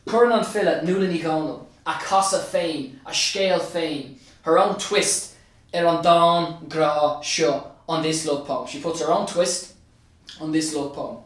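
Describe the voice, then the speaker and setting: Heavy reverb and a far-off mic shape the sound of this slightly high, somewhat bright male voice at a measured pace. He's an Irish teacher and state examiner giving an exam revision tutorial, breaking down an answer step by step, alternating Irish and English and going over key phrases again.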